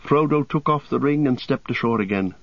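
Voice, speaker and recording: A man narrates an audiobook in a measured, storytelling way at a middle pitch. The sound is dry and close, with a slightly dull, lo-fi tone. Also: no echo. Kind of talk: scripted narration.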